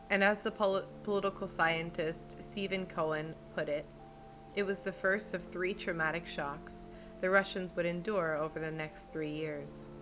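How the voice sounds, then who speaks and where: A woman's voice: on the low side, a bit bright. A woman streamer reading a book aloud and stopping to chat and joke with her live viewers.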